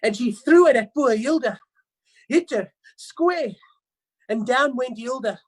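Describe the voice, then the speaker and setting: A man's voice: very high voice, expressive, measured pace, slightly rough, heavily acted, poor audio. Paranoid gossipy male crow, sure everyone is up to no good, improvised by an actor. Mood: dramatic. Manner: conspiratorial, dramatic, suspicious. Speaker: improv performer. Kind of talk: improvised first-person storytelling. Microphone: video call.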